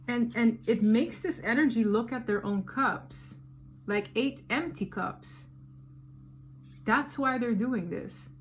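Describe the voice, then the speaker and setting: A woman gives a casual tarot reading in a voice pitched a little high. She talks in an animated, slangy way and leans hard on her points. A faint hiss of background noise sits under her voice. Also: takes it slowly. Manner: animated, slangy, emphatic storytelling. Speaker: tarot reader.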